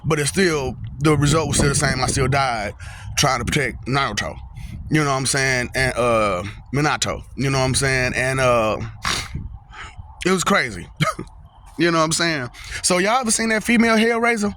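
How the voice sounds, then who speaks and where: A man's voice: mid-range voice, expressive, moderate pace, pushed and bright, slight background noise. A young man talking casually to his viewers outdoors, rambling, laughing often and repeating "you know what I'm saying". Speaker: vlogger. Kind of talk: casual monologue to camera. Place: outdoors, windy.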